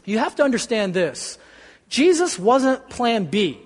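Pastor preaching casually with quips, high-pitched man, reverberant church. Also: unhurried. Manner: lively, conversational, joking asides. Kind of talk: sermon.

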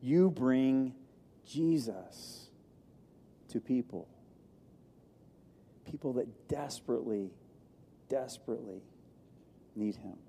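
A man's voice: medium pitch, animated, slow pace, long pauses, mellow, a little hiss or hum. A male pastor preaching a sermon with an emphatic, repetitive cadence. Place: church sanctuary. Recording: long hall reverb.

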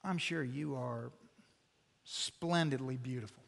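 A man's voice: mid-range voice, slow pace, gravelly, big-room sound. A man preaching a sermon, earnestly explaining with illustrations and putting direct questions to his listeners.

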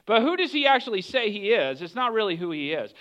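A man preaching a sermon as pastor, telling the story in a lively way and acting out the voices of the people in it. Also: high-pitched, fast talker, muffled recording. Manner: animated storytelling, acts out voices of characters.

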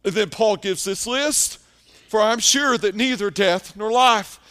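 A man preaching a sermon, telling stories and often dropping to a hushed tone for emphasis. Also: high-pitched, clear, resonant tone. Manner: storytelling preacher, dramatic pauses, drops to hushed tones. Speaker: pastor.

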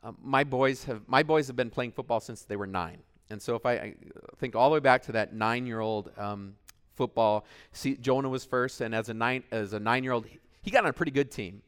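A middle-aged man preaching a sermon, animated, swinging between shouted cheers and quiet asides. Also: mid-range voice, a little fast, clear, resonant tone. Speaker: pastor.

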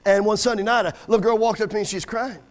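High-pitched guy preaching in church, story after story with acted quotes, asks for amens. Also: steady tone, very fast. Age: middle-aged. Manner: storytelling with acted quotes, rising to emphatic calls for amen. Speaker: guest preacher. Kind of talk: sermon. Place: church service.

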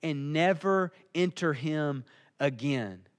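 A man voicing a calm, commanding healer in a low, hushed, slow way. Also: smooth, in a large hall.

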